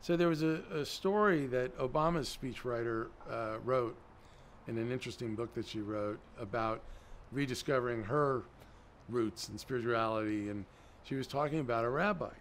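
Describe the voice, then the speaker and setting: In a conversational interview, a middle-aged male guest relates stories at a moderate pace, acting out each quoted line with animation. His voice is mid-range, and there's a slight hiss or hum.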